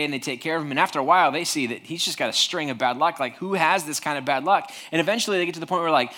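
A man's voice: fairly high pitch, fast talker, few pauses, pushed and bright. A male pastor preaching a sermon in a conversational way, with many restarts and small acted-out voices.

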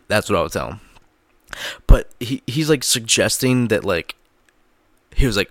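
Deep-voiced guy with a gravelly edge, swearing a lot and rambling on about some online post, dry close mic. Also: animated, slow pace, pauses often, fairly bright tone, no room sound. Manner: profane, filler-heavy, laughs at own jokes. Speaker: vlogger. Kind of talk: casual rambling commentary. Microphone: close microphone.

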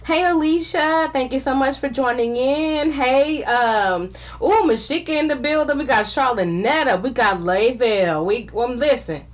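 A woman's voice: sits high, normal speed, few pauses. A woman hosting a live podcast talk show, effusive and playful, greeting listeners by name and laughing often. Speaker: podcast host.

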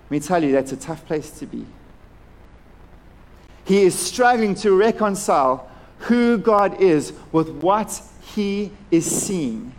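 A man, a pastor, preaching a sermon earnestly, moving between hushed and impassioned passages. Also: medium pitch, a little hiss or hum.

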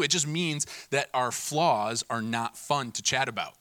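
Male pastor, casual sermon delivery, bright tone, dry close sound. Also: mid-range voice, moderate pace, few pauses, dry recording. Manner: animated, mimics people in voices, laughs at himself.

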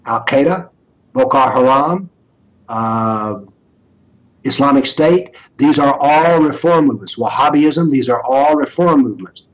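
A man's voice: medium pitch, animated, a little slow, dull audio. An older man speaking as an interview guest, lecturing emphatically and asking rhetorical questions. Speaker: interview guest, author on political Islam.

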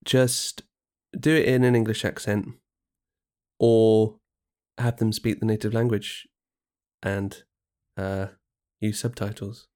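A man co-hosting a podcast in casual chat, chatty and quick to agree, often restarting his sentences. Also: fairly low pitch, level tone, darkish tone. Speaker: podcast co-host.

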